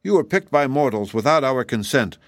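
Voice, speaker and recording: A man putting on a chorus of proud, scornful roses from a fairy tale. They speak high and loud, in haughty demands full of disdain. The voice sits dry and close to the mic. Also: lively intonation, a little fast, no room sound, lightly acted.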